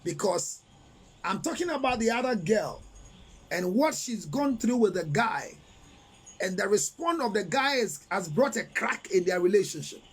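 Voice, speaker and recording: A Ghanaian man counseling on relationships in a live talk, animated and preachy, switching between English and Twi and reading out viewer comments. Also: sits high, moderate pace, slightly rough, rough recording. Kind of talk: live-streamed advice talk.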